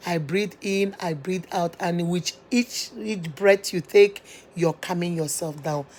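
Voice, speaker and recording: A woman's voice: fairly low pitch, measured pace, darkish tone, slight background noise. A woman, hosting her channel and giving earnest motivational advice from her office, repeating her points for emphasis. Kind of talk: motivational advice talk to viewers.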